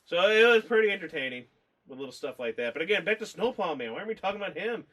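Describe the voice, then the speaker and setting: Male co-host, casual review chat, higher-pitched, loose and rambling, swears a lot. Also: expressive, fast, fairly bright tone. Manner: rambling, swears freely, laughs often.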